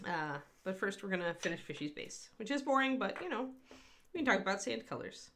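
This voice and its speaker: A woman's voice: mid-range voice, big pitch swings, fairly quick, noisy background. A woman hosting a casual livestream painting tutorial from home, chatty and rambling, laughing often. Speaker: host and miniature painting instructor.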